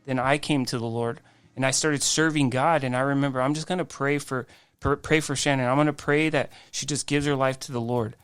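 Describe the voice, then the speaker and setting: A man, a guest on a faith podcast, telling his life story in an animated way, acting out quoted dialogue. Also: medium pitch, a little fast, smooth, no echo. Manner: frequent restarts and "I'm like" quoting.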